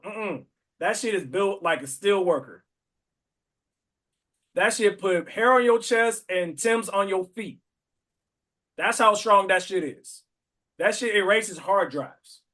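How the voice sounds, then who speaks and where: High-voiced joking podcast host man. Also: fairly bright tone. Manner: joking, rambling, playful. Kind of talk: casual podcast chat.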